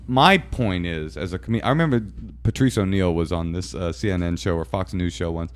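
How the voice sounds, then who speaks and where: A man's voice: deep voice, brisk. A young man, a comedian, telling stories in a casual chat and mimicking the voices of others. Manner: animated storyteller, mimics voices. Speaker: comedian guest.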